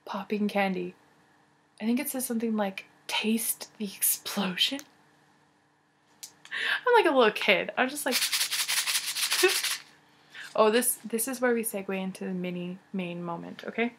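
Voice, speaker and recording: A young woman vlogging in casual chat, gushing and excited, with many fillers and restarts. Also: medium pitch, fairly quick, slightly rough.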